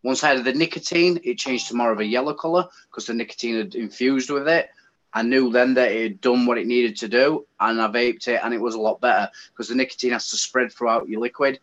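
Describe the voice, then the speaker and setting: Here an English-accented British man, a guest in a casual conversation, speaks at medium pitch and a little fast. He gets animated and rants passionately, captured in dull, lo-fi audio.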